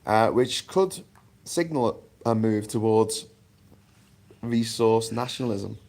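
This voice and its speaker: A livestream host with a lowish voice and vocal fry talks slowly, rambling through a casual chat. He swears freely and throws in animated asides.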